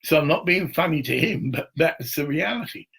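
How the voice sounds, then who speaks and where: A man vents to his camera on a live stream, aggrieved and swearing freely. His voice is gravelly and husky, and it sits somewhat higher than most men's. He wanders from point to point, stopping to read viewer comments. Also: expressive, moderate pace, a bit bright. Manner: profane, aggrieved, restless. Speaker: livestreamer. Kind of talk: rambling live-stream monologue.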